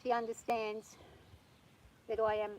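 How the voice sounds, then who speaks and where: A woman vlogging from horseback on her farm, talking nervously and gently soothing her horse. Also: fairly high pitch, completely flat delivery, a little slow, poor audio. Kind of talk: casual spoken vlog.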